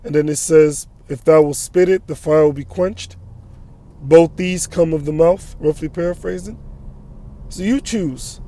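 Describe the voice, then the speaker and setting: A man's voice: a little high, a little slow, dark tone. A man preaching an informal sermon while traveling, quoting scripture and checking in with "all right?" and "you know?".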